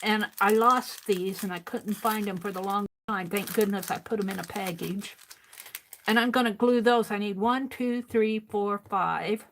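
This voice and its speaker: An older woman hosting an art livestream, chatting casually to herself as she works and counting items out loud. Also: mid-range voice, slight background noise. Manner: unhurried, talks to herself while working, counts items aloud. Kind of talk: casual crafting livestream chat.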